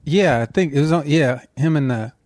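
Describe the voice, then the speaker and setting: Man, podcast co-host, relaxed and enthusiastic, mid voice, dry sound. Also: on the high side, normal speed, no room sound. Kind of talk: casual chat.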